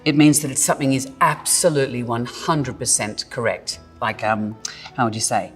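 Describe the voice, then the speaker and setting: A woman's voice: rumbling low, normal speed, breathy edge, in a large hall, faint music behind. An Australian woman who acts, explaining slang in a jokey, self-mocking way and drawing out words. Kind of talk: playful scripted explainer.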